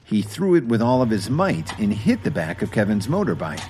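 A man narrating a dramatic story in an expressive way. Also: medium pitch, normal speed, a little hiss or hum.

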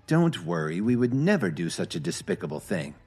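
A man voicing a commanding woman company president in a read-aloud story, speaking in crisp orders. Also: low-pitched, sing-song, a little fast, darkish tone, soft background music, full character voice.

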